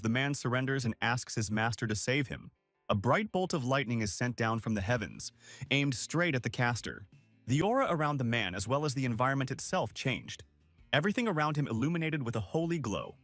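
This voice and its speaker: A man's voice: medium pitch, a bit bright, no echo. A man giving scripted, dramatic story narration as a manhwa recap narrator.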